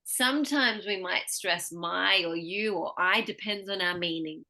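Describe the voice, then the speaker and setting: Speech pathologist lady, bright tone, patient, drills word stress with lots of examples. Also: lowish voice. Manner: patient, explains slowly with examples. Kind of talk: one-on-one pronunciation lesson.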